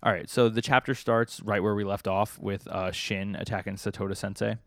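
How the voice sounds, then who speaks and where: A man with a fairly low voice co-hosts a casual podcast, recapping comic chapters in a loose, rambling way full of ums and likes. The sound is dry and close, with no room around it. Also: steady tone, a little fast, vocal fry, no room sound. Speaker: podcast co-host.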